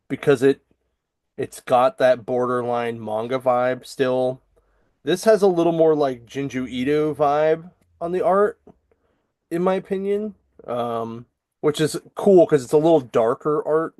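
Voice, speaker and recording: A man's voice: mid-range voice, a little mellow, no echo, studio quality. A man co-hosting a casual comics podcast, recapping a comic book in a rambling way with many ums and restarts. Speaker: podcast co-host.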